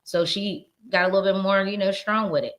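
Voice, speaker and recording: A woman's voice: medium pitch, fairly even intonation, a little fast, a bit bright. A woman hosting a casual pop culture stream, talking candidly and cursing freely, with an accent that mixes Virginia and the northern US. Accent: mixed Virginia and northern US. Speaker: podcast host.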